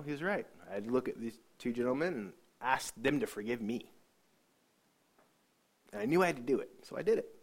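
A man giving an emotional personal testimony. He talks earnestly, often sinks to a soft hush, and restarts his sentences. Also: mid-range voice, breathy edge.

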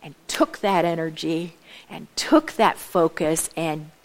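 Chatty woman with a gravelly voice. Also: sits low, animated, slow. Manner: chatty, many asides and laughs; asks the audience direct questions. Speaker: speaker at a church event. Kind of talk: lively talk to a church audience.

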